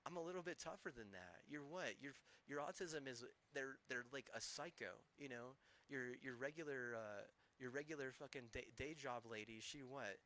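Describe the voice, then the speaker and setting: A man's voice: mid-range voice, normal speed, hardly any pauses, pushed and bright. A man streaming, ranting angrily with heavy swearing and rambling, restarting sentences. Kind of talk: angry profane rant.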